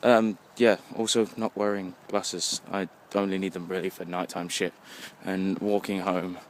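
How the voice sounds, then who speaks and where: Walking home outdoors at night, a low-voiced, slightly drunk English vlogger keeps a flat delivery and measured pace while he rambles and curses constantly into his phone. Faint traffic passes behind him.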